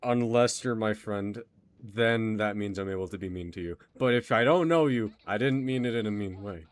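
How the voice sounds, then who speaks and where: Rambling young man from Texas, low voice. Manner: rambling, self-deprecating, quick to apologize. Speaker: streamer. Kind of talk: casual gaming stream chat.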